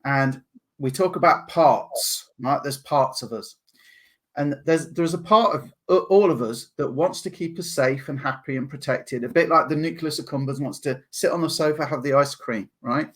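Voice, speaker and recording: Lively Englishman, animated storyteller. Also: on the high side, moderate pace. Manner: animated, laughs often, acts out voices. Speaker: guest, NLP practitioner. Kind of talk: podcast interview.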